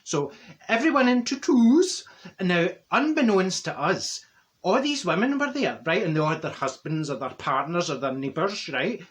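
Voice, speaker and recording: A man's voice: sits high, big pitch swings, moderate pace. A man playing a chatty Glaswegian auntie. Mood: gossipy. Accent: Glaswegian Scottish. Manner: rambling, laughs at own jokes, confiding asides. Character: chatty older Glasgow woman, gossiping storyteller. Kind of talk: comic character monologue.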